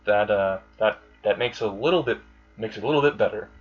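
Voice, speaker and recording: A man voicing a female magical assistant voice that speaks flatly and matter-of-factly. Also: on the low side, a little fast, husky, muffled recording, soft background music.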